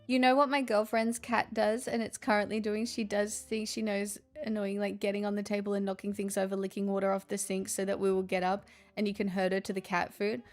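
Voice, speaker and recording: An Australian woman talks casually to her live viewers at an ordinary middle pitch. Her humor is dry and sarcastic, and she often turns it on herself. Faint music plays in the background. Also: level tone, fairly quick, few pauses. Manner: sarcastic, chatty, self-deprecating. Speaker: livestream host.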